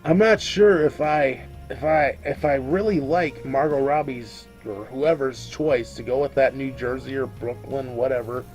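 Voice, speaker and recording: A man's voice: mid-range voice, unhurried, few pauses, darkish tone, faint music behind. A drunk man giving a casual video review of a movie, rambling, swearing freely and tripping over his own words.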